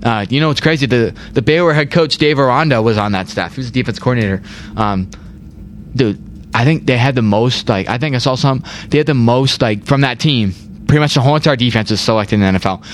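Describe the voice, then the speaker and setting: A man's voice: mid-range voice, quick pace, a little hiss or hum. A young man hosting a casual sports chat, rambling, repeating words and saying "like" a lot. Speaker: podcast host.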